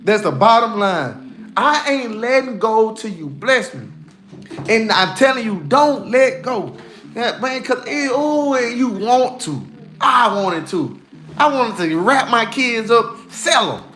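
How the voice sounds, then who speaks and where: A man's voice: extremely high pitch, lively intonation, takes it slowly, pushed and bright. A man giving casual, emphatic spiritual encouragement on a livestream, folksy and repeating himself for emphasis.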